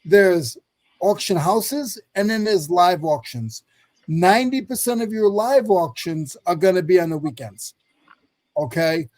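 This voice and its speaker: High-voiced man rushing through a demo. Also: lively intonation, darkish tone, dry recording. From North Carolina. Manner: rambling, fast, self-correcting. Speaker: reseller sharing his screen on a live stream. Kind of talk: casual screen-share walkthrough.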